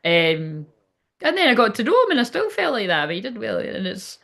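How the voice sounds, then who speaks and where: A woman's voice: fairly high pitch, huge pitch swings, brisk, gravelly, fairly bright tone. A woman giving a casual livestreamed card reading, chatty and rambling, swearing freely. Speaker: tarot card reader.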